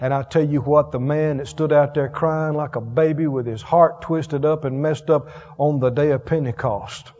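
A preacher with a high, ringing voice delivers a folksy sermon, chuckling between lines. He swings from loud calls to hushed telling, and the sound is dull and carries a long hall reverb. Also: steady tone, normal speed.

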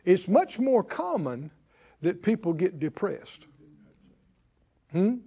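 A middle-aged man preaching a sermon, calling out to his congregation and swinging between loud declarations and quiet asides. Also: high-pitched, big pitch swings, slow pace, gravelly, slightly rough. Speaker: pastor.

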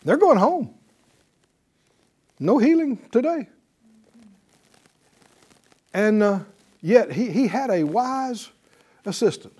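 Lively slow-paced man preaching. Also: extremely high pitch, slightly rough. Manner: animated, acts out quoted voices, rhetorical questions. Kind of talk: sermon.

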